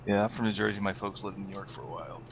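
A man's voice: on the low side, level tone, racing, creaky, dull audio, background noise. A man from the US South in casual chat, joking and wisecracking.

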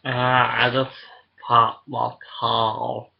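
A man's voice: mid-range voice, monotone, slow, gravelly. A man in casual webcam chat, rambling and profane, recorded on a webcam mic. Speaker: vlogger. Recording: dull lo-fi webcam audio, faint hiss.

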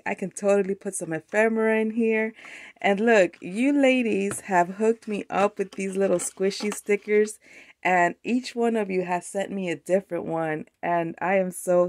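A woman vlogging as she opens craft mail at home, gushing and excitable, sometimes teary, moving closer to and away from the camera mic. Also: medium pitch, dry recording. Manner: gushing, excitable, tearful at times. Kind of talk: casual unboxing chat.

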